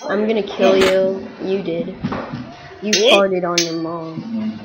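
A player commenting on a game in a put-on girly voice, yelping and shrieking when things go wrong. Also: slow. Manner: put-on girly high-school voice; excitable, yelps and shrieks when losing. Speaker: gameplay commentator. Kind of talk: let's play commentary. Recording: loud game music behind.

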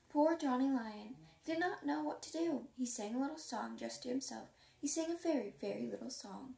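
A woman reading a children's storybook aloud, lively and playing up the sound words and dialogue. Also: on the high side, normal speed, creaky, hardly any pauses, echoey room, far from the mic. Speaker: reader.

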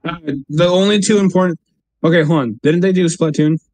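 Young male podcast guest, higher voice, jokey, interrupts and swears. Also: fairly even intonation, fairly quick, a little mellow. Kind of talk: casual podcast chat.

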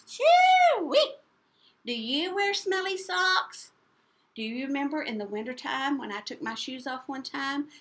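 A woman preschool teacher, reading a picture book aloud to children in an animated, playful way and asking them questions. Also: high-pitched.

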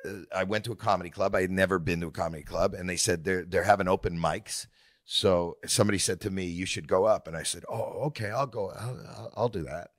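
An older man telling animated stories on a casual podcast, acting out scenes in other voices. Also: low voice, quick pace, dry recording, studio quality. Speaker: guest comedian.

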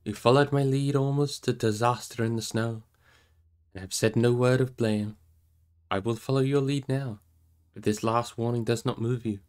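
A man reading aloud voices a weary male ranger who speaks quietly and heavily. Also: steady tone, normal speed, smooth, close to an everyday voice. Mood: grave. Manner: low, heavy, quiet. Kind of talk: audiobook reading.

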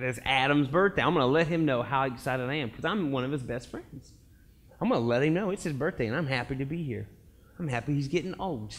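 A man's voice: mid-range voice, fast. A young man giving a casual, conversational sermon as a pastor, telling stories and acting out quotes. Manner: animated storytelling, acts out quotes, laughs often. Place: church sanctuary.

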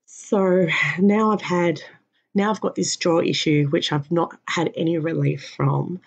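A tired woman in pain, giving a halting personal health update with many pauses and fillers. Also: on the low side, steady tone, gravelly, husky. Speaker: vlogger. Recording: dull lo-fi recording.

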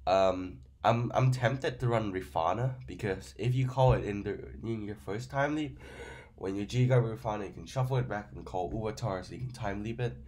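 A man's voice: fairly low pitch, normal speed, darkish tone. A man who is sick, giving a casual, rambling card-game review in with many fillers. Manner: non-native grammar, rambling with fillers. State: sick, stuffy voice.

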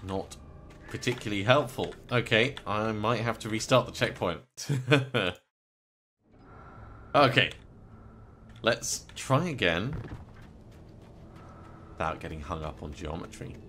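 A man's voice: lowish voice, lively intonation, measured pace, fairly bright tone, a little hiss or hum. A man casually commenting while playing a video game, with wry joking asides. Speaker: let's play host.

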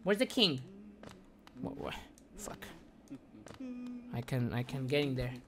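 A woman's voice: extremely low pitch, expressive, slow pace, a crowd in the background. Woman streamer ranting through a game. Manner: exasperated, swearing, repeating words in bursts. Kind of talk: live gameplay commentary.

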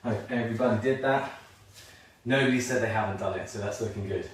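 A man's voice: lowish voice, brisk, far from the mic. Upbeat man calling line dance counts. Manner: upbeat, calls counts rhythmically, jokes about himself. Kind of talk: live online dance lesson. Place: at home, moving while teaching. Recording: very echoey room, voice off-mic, faint noise.

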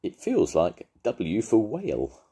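A man voicing a small, polite young bear who is eager and earnest, talking in excited, breathless exclamations. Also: on the low side, takes it slowly, slightly rough, pitched above the performer's own voice, heavily acted. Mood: wondering.

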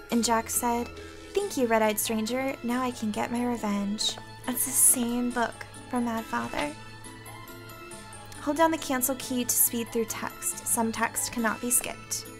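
A woman hosting a let's play, excitable, reading game text aloud between gasps and squeals. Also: a little high. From United States. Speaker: gaming video host. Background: game music.

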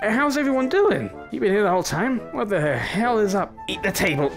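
Brief: gaming host, young man, raspy edge, excitable mock bravado, faint music underneath. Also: sits high, fairly quick. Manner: excitable, swearing mock-threats. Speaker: gaming YouTuber. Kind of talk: casual gameplay commentary.

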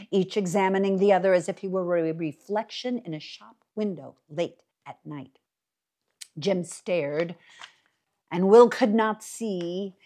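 A woman reading a novel aloud for a library reading series, with expressive, dramatic storytelling. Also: medium pitch. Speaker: library reader.

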